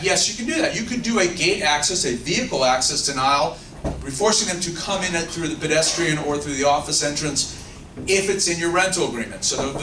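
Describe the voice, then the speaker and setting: A man giving a live legal talk to an audience, joking and self-deprecating as he asks them questions. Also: a little high. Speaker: legal counsel speaking at a luncheon. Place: luncheon function room. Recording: roomy, distant mic, background noise.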